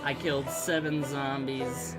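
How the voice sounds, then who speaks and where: A man streaming his gameplay live, excitable and foul-mouthed, shouting and laughing at the game while talking straight to his viewers. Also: medium pitch, measured pace, loud music behind the voice.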